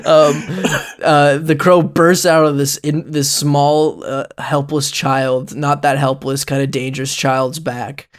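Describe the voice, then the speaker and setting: A man's voice: a little high, little pitch movement, slow, hardly any pauses. A young man narrating as game master, rambling and giggly with many fillers.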